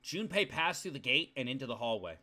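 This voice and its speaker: A young male streamer reading game text aloud in a hushed low voice and breaking off into profane rants at his chat. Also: very animated, fairly quick.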